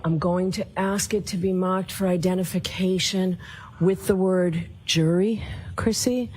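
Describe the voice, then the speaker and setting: Woman judge, formal and measured, lowish voice. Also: fairly even intonation, a little mellow. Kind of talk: formal courtroom address.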